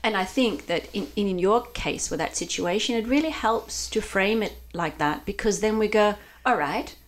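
A woman's voice: mid-range voice, moderate pace. A woman with a Danish accent, a mindfulness coach talking reflectively in a casual interview. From Denmark.

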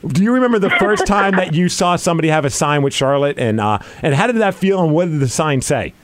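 A man of forty hosting a casual interview, an excitable and eager fan. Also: fairly high pitch, quick pace, dry recording. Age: 40s. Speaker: podcast host.

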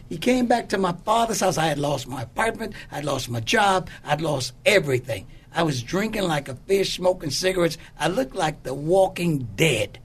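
An older bishop from Oakland, California, appears as a guest in a conversation, giving candid testimony about his life. His voice is high-pitched and husky, and he speaks emphatically, acting out quotes with a preacherly cadence.

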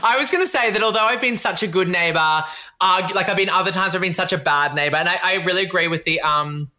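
A man's voice: sits high, fast talker, pushed and bright. A young man with an Australian accent co-hosting a podcast in casual, campy chat, often acting out voices. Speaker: podcast co-host.

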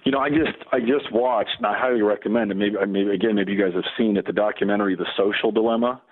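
A man's voice: on the low side, steady tone. A middle-aged man, a Lutheran campus pastor, talking earnestly as a radio guest, often restarting his sentences. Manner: earnest, halting with many restarts. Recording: tinny phone line.

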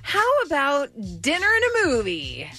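A woman's voice: high voice, wildly swooping pitch, a little slow, sharp tone. A woman co-hosting a radio morning show, trading playful, teasing quips in casual studio banter and reading giveaway promos.

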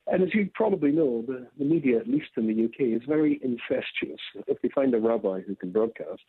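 A Scottish man speaks as an interview guest over a tinny, phone-like line. His delivery is lively and swoops around in pitch, with a gravelly, husky edge. He tells his stories with animation and laughs easily. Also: no room sound. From Scotland. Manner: animated storyteller, laughs often. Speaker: rabbi and radio guest. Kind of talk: remote interview.

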